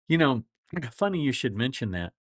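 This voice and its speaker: A middle-aged man with a flat Midwestern accent, a lawyer hosting a casual livestream, rambling through folksy stories and chuckling often. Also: medium pitch, no room sound, clean studio sound. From grew up all over the world.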